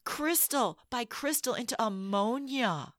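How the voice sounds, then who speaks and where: A middle-aged woman from Chicago, co-hosting a casual chat and telling a lively family story. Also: fairly high pitch, measured pace. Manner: animated storyteller, acts out quoted lines.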